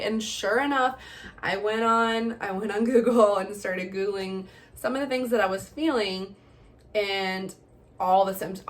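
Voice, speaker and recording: A woman's voice: medium pitch, fairly quick. Chatty woman vlogger. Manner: candid and chatty, with frequent laughs and fillers. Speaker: vlogger, mother. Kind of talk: casual personal vlog talk.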